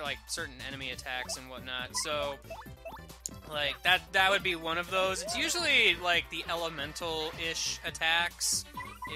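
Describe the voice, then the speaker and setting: A man giving casual, rambling gameplay commentary with a jokey, self-mocking tone. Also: fairly high pitch. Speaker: let's play host.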